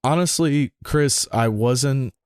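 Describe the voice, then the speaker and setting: Man, mid pitch, joking crude banter, dry close mic. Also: slow, smooth, no room sound. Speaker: podcast co-host. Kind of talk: casual chat.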